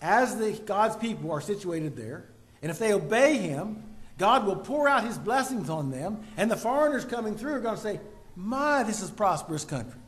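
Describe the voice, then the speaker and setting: A man with a high voice preaching a sermon. He poses rhetorical questions to his listeners and punches key words with sudden loud bursts. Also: big pitch swings, moderate pace.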